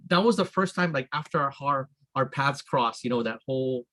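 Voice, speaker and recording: An easygoing man chatting as a podcast guest. He talks in a humble, affirming way at a middle pitch, and his voice sounds dry and close to the mic. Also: normal speed, fairly bright tone, no echo. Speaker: podcast guest, event promoter. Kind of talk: casual chat.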